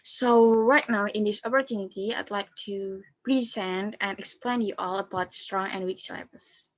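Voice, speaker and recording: A young woman from Indonesia, not an English speaker, giving a recorded class presentation and often pausing on fillers and correcting herself. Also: medium pitch, steady tone, a little hiss or hum. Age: young adult. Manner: hesitant, with frequent fillers and self-corrections. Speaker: student presenter.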